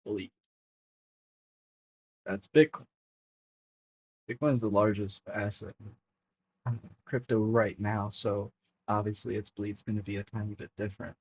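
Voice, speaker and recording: Profane excitable man streaming crypto charts. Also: fairly low pitch, a little slow, pauses often, a little hiss or hum. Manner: profane, excitable, talks to chat. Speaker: crypto livestream host. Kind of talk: casual livestream chart commentary. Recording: dull lo-fi stream audio.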